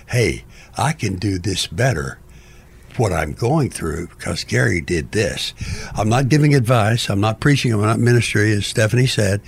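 A man's voice: lowish voice, creaky, husky. An older man, a book author as guest, talking in a playful, theatrical, rambling way. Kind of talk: rambling interview talk.

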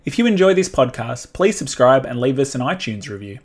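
A man's voice: medium pitch, very animated, brisk. A man, a career coach and podcast host, talking to camera in an emphatic, direct way full of rhetorical questions. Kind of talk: motivational solo talk to camera.

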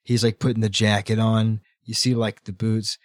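A man hosting a podcast, retelling a story with quick, lively character voices in a casual book-club chat. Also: on the low side, no echo, clean studio sound. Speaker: podcast host.

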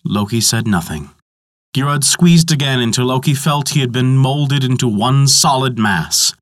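A man narrating a mythology story in a measured, dramatic storytelling manner. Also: mid-range voice, expressive, no echo, studio quality.

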